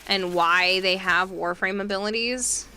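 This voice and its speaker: A woman livestreaming a game in a casual, rambling way, reading viewer messages aloud and riffing on them. Her voice is bright and a little sharp. Her pitch is ordinary, and she fills pauses with "uh" and "like". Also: steady tone, slight background noise. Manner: chatty, reads viewer messages aloud with fillers and asides. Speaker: game streamer.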